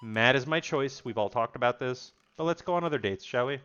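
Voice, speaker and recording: Casting: male streamer, casual chat, lo-fi mic with soft background music. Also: medium pitch, brisk. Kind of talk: casual gameplay commentary.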